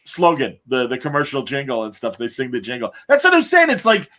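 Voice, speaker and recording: A man hosting a podcast who gives rambling, opinionated and animated reviews in casual chat. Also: mid-range voice, a little fast. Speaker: podcast host.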